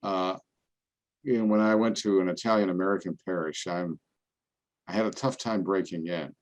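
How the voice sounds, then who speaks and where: An older man, a priest, giving a relaxed, conversational talk full of homely anecdotes and playful voices for the people in them. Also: deep voice, moderate pace. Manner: folksy storytelling, acts out other people's voices. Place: parish event, indoors.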